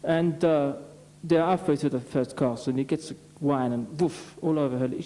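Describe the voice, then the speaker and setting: Man rambling through jokes at a revue, mellow, a bit high. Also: normal speed, slight background noise, low-quality recording. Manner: rambling, chatty storyteller. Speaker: revue comedian. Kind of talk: stand-up joke telling to a live audience. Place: theatre stage at an amateur revue.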